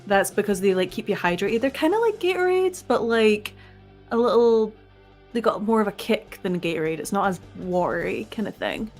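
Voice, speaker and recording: A woman's voice: mid-range voice, animated, normal speed. A young woman co-hosting a paranormal live stream, chatting in a laid-back, teasing way full of "like". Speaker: paranormal podcast co-host. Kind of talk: casual live-stream chat. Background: faint rock music.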